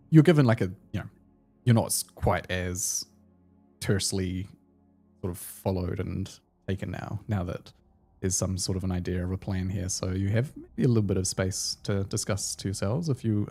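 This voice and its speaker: Low-voiced man narrating as game master. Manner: relaxed, rambling narration with fillers.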